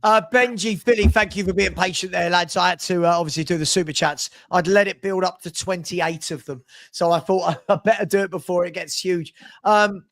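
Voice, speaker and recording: A man's voice: sits high, fairly quick, gravelly, dry recording. A man hosting a fan live stream, reading out super chats and bantering with viewers. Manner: chatty, animated, banters with viewers.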